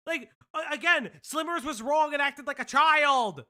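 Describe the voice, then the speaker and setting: A man's voice: very high-pitched, expressive, measured pace, pushed and bright. A man hosting a live commentary stream, talking bluntly and offhandedly with plenty of swearing. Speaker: streamer host.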